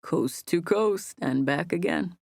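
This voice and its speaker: Woman voicing a tender young man, low and dry. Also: normal speed, darkish tone, dry recording, natural voice.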